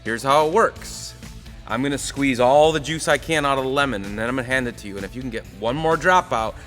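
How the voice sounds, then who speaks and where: A man's voice: medium pitch, fast talker, fairly bright tone, faint music behind, lightly acted. A man playing a talkative male bartender in a spoken story, asking rambling questions. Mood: confident. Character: boastful male bar bartender, easygoing.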